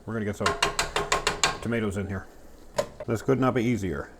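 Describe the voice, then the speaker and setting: Male home cook, low-ish voice, loose and jokey delivery; pots and utensils clatter behind. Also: fairly quick, very noisy. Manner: jokey, chatty, talks to himself while cooking. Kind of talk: casual cooking demo. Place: home kitchen.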